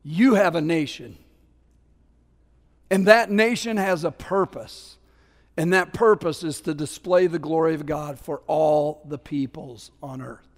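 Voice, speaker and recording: Pastor guy preaching, kinda high voice, lively and chatty, acts out the bible bits, big church echo. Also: measured pace. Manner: animated, acts out scripture voices, conversational asides. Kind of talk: sermon. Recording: long hall reverb.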